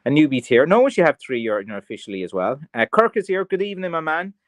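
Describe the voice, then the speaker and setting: A man's voice: a little high, big pitch swings, fast talker, dry recording. A man with an Irish accent hosting a livestream, chatting casually with viewers in a rambling way full of fillers and restarts. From Ireland. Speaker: craft seller hosting a livestream. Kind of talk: casual livestream chat, reading viewer comments.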